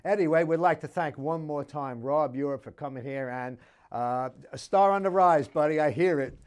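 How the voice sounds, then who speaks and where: A man's voice: a little high, normal speed, darkish tone, clear, resonant tone. A man hosting a casual interview show, easygoing and a little rambling, often calling his guest buddy. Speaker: show host interviewing a musician.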